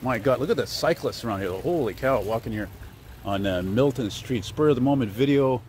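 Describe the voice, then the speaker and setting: A man's voice: medium pitch, lively intonation, a little fast, a little mellow. Man, chatty and digressive, talking to a handheld camera while walking outdoors, light traffic hum. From Canada. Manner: chatty, digressive, filler-heavy. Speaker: vlogger. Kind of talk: rambling walking vlog. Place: outdoor city street.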